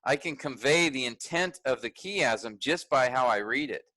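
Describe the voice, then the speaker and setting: Guy teaching a workshop, bright voice, dry close sound, chatty with lots of restarts. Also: mid-range voice, animated, normal speed, no room sound, rough recording. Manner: conversational, thinks aloud with restarts and fillers.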